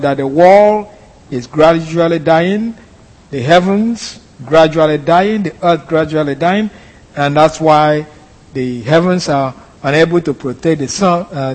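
A man giving a verse-by-verse Bible lesson in a measured, explanatory way, sometimes correcting himself mid-phrase. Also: high-pitched, long reverb tail, low-quality recording. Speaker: Bible teacher.

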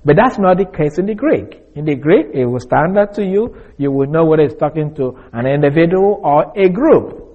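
Husky man teaching scripture verse by verse. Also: fairly high pitch, expressive, phone-quality sound. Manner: deliberate, explanatory, restates key points. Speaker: Bible teacher.

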